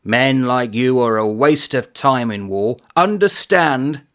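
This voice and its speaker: A man's voice: medium pitch, lively intonation, takes it slowly. A man voicing a stern army battery major who interrogates a soldier and barks orders. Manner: barking, shouting orders.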